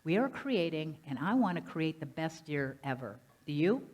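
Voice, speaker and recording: A woman minister preaches in a lively, conversational way, pitched a little low for a woman. She often turns to the congregation with questions, and her voice swings up and down in loudness as she goes. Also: moderate pace. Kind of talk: sermon. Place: church sanctuary.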